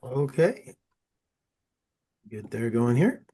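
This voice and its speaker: A man's voice: mid-range voice, big pitch swings, very slow, mellow, soft background music. A middle-aged man hosting as a film critic, chatty and enthusiastic, with a small stammer. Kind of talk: casual interview.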